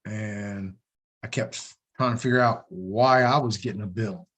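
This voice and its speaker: A man's voice: lowish voice, normal speed. A man with a Texan accent hosting a casual live show, telling stories and acting out the dialogue. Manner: animated storyteller, acts out quoted dialogue. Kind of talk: casual live-stream chat.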